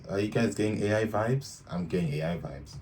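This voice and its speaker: A young man with a very low voice reacts to clips in casual, slangy commentary. He talks bluntly and mocks what he sees, with a faint hiss of noise behind him. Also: fairly quick, darkish tone. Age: young adult. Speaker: reaction video host.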